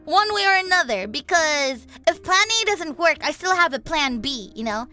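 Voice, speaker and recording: Bright high-voiced woman streamer, lively chatter, soft music underneath. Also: moderate pace. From Indonesia. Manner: animated, switches between Indonesian and English, laughs often. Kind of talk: casual livestream chat. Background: soft background music.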